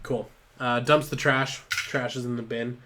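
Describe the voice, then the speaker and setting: A man's voice: mid-range voice, steady tone, unhurried, background noise. A man livestreaming while building with toy bricks, improvising a silly story in a rambling, swearing way, laughing often.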